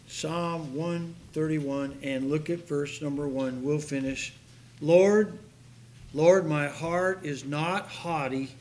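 A man preaching a sermon to his congregation, telling a story with animated delivery that rises to near-shouts. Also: fairly high pitch, slight background noise. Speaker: pastor. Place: church sanctuary.

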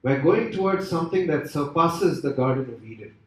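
A man preaching a sermon with an expressive, rising and falling delivery and many rhetorical questions. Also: a little high, a little fast, a little hiss or hum. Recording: echoey hall from far off.

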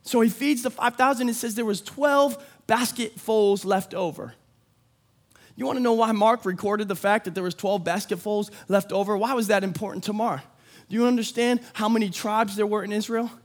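A man preaching a sermon with energy, building to shouts and acting out quick voices for the people in the story. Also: high-pitched. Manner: energetic, rising to shouts, acts out disciples' voices. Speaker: pastor.

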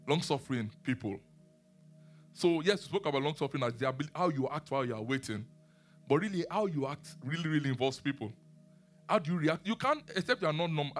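A man preaching a sermon and teaching the Bible, animated, asking his listeners questions and laughing often. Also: fairly high pitch.

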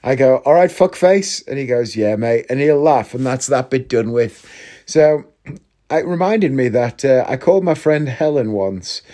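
A man's voice: mid-range voice, moderate pace, mellow. Man, podcast host, casual comic monologue, loose and rambling, cheeky swearing. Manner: chatty, swears freely, jumps between anecdotes.

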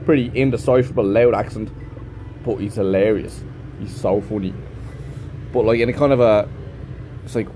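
A man's voice: mid-range voice, moderate pace, mellow, slight background noise. A man who teaches English, talking in a chatty, rambling vlog monologue and swearing freely.

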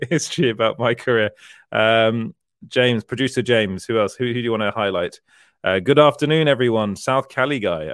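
A man's voice: mid-range voice, no echo, studio quality. A man hosting a casual livestream, reading out viewer comments and chatting, laughing often and rambling a little. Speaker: livestream host, entertainment journalist.

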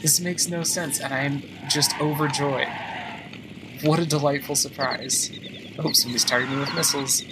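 A man hosting a gaming podcast, chatting excitedly and thinking aloud as he plays. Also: on the high side, normal speed, noisy background. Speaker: podcast host playing a video game. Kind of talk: casual let's-play commentary. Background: game music.

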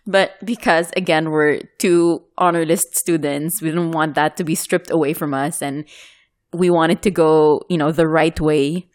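A woman from the United Arab Emirates telling a story in a casual chat, animated and laughing often. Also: deep voice, unhurried.

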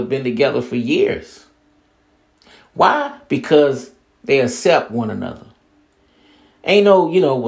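Male podcast host with a gravelly voice, talking casually in a streetwise, profane way, plain-spoken monologue. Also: medium pitch. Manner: profane, streetwise, mocks others with blah blah.

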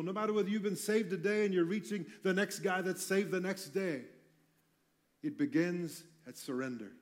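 Passionate preacher, higher-voiced man. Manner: passionate, with wide swings in loudness and light humorous asides. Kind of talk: sermon.

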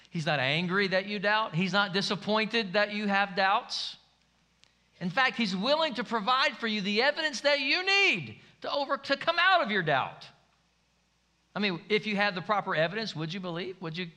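Pastor, male, high and forceful voice, emphatic preaching, on a stage mic. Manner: emphatic preaching, voice rising and falling for stress. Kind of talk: sermon.

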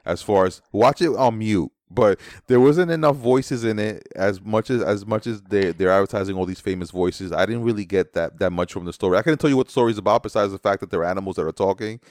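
A man co-hosting a casual movie review chat, expressive and joking as he gives his verdicts. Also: on the low side, fast, few pauses, no room sound, studio quality. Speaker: podcast co-host.

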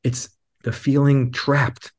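A man speaking as a guest teacher in a reflective podcast conversation, an animated storyteller who acts out quotes in a raised voice. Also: mid-range voice, slow, husky.

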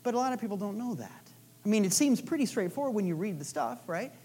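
A woman giving a relaxed, conversational sermon, retelling a scripture story with playful asides. Her voice sits in a middle range and keeps a chatty, informal flow. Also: medium pitch, fast, husky. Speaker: preacher.

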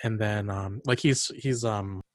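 A man's voice: on the low side, steady tone, a little slow, dry recording, studio quality. A young man hosting a casual podcast chat, telling rambling stories full of fillers and laughs. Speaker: podcast host.

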